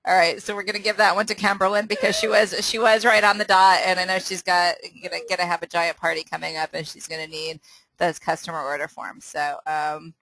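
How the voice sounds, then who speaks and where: A woman's voice: fairly low pitch, little pitch movement, a little fast, sharp tone, poor audio. Upbeat woman leading a sales training. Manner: upbeat, laughs often, restarts sentences. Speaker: sales trainer hosting a team call. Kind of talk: casual training call with quiz.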